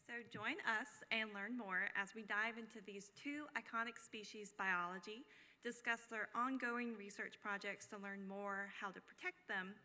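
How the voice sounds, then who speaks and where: A woman introduces her course in formal, rehearsed lines. Her voice is bright and forceful, and a long hall echo trails behind it. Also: medium pitch, fairly even intonation, normal speed. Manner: formal and scripted. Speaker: presenter, wildlife data coordinator. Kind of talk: course presentation.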